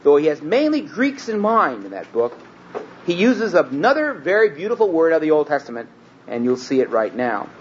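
A man teaching scripture in a sermon, earnest and emphatic, slowing down and rising in pitch when he reads the text aloud. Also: very animated. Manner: earnest, emphatic, slows and rises on quoted scripture. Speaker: Bible teacher. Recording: dull lo-fi recording with faint hiss.

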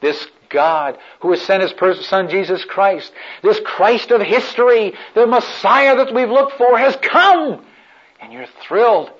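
A man preaches a vivid, story-led sermon in a somewhat high voice. He moves between soft, intimate murmurs and loud, emphatic build-ups. The recording is dull and lo-fi, with little top end. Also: expressive, a little slow, slightly rough.

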